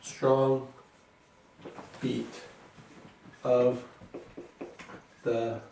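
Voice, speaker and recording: A male music teacher patiently explains beats, counting aloud and sounding out rhythms. He speaks in a middle-pitched voice from some distance off the mic. His voice rings around an echoey classroom with a faint hiss behind it. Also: little pitch movement, drawn-out words, creaky, mellow.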